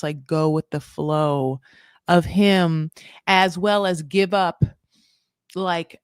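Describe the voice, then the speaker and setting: A woman's voice: lowish voice, a little mellow, dry recording, studio quality. A woman hosting a casual reality TV recap. She talks in a sarcastic, rambling way, swears freely and says "like" a lot. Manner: sarcastic, rambling, profane, lots of "like". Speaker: host of a reality TV recap channel. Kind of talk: casual live recap commentary.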